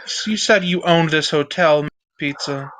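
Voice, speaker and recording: A man playing a tabletop role-play game, brisk and businesslike, giving orders to others. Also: a little high, fairly bright tone, a little hiss or hum. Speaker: player.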